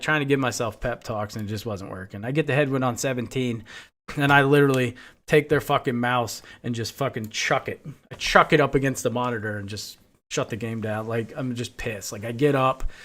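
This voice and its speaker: A man's voice: medium pitch, fairly bright tone. Man in casual, profane, rambling chat. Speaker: game streamer. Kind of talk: casual chat while playing.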